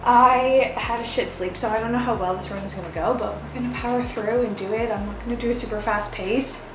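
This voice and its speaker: A woman's voice: fairly high pitch, fairly even intonation, brisk, background noise. A young woman talking casually to camera as a lifestyle vlogger, chatty and upbeat, with lots of "like" fillers. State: out of breath after running. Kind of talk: casual vlog chat. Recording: roomy echo, faint music behind.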